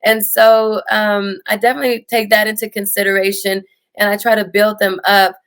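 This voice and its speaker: A woman's voice: mid-range voice, little pitch movement, moderate pace, a bit bright. Earnest woman tennis coach with a Houston accent. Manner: earnest, fillers like "you know" and "um". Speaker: high school tennis coach. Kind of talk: interview answers.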